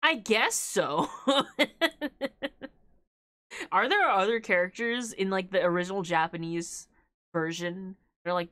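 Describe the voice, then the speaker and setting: A woman's voice: mid-range voice, very animated, a little slow, pauses often, bright, forceful tone, no echo. A young woman streaming a game, chatting casually with viewers, laughing often between filler-heavy remarks. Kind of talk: casual live-stream chat while gaming.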